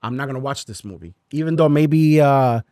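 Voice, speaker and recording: A man hosting a candid faith conversation, reflective and thoughtful, pausing to find his words. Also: medium pitch, dark tone, dry recording, clean studio sound. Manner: reflective, thoughtful, with hesitant fillers. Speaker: podcast host.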